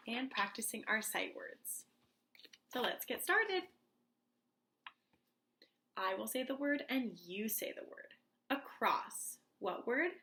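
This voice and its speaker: A woman teacher speaking slowly and clearly to young children in a reading lesson, leading the class through words to repeat. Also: medium pitch, bright, forceful tone, slight background noise. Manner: slow, clear and encouraging, like a teacher to small kids.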